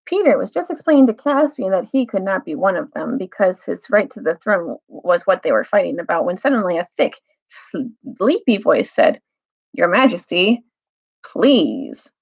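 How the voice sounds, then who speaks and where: A woman's voice: mid-range voice, lively intonation, vocal fry, a little mellow. Woman reading a story aloud to children. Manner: pauses to explain words to young listeners. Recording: dull lo-fi recording.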